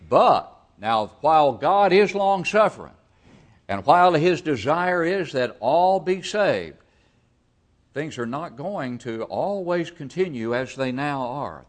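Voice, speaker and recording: Man preaching an evening Bible lesson. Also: medium pitch. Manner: measured, emphatic, with frequent hesitant fillers; asks the listeners questions. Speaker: preacher teaching a Bible class.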